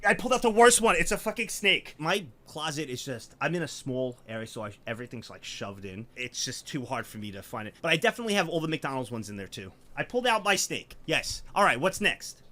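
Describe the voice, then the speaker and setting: A man hosting a reaction video, talking in an animated, profane, joking way. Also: medium pitch, brisk, hardly any pauses. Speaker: host.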